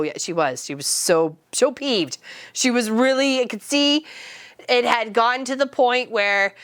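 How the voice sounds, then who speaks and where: A woman in casual chat with her viewers, telling stories, laughing often and teasing people by name. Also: fairly high pitch. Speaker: streamer chatting with viewers.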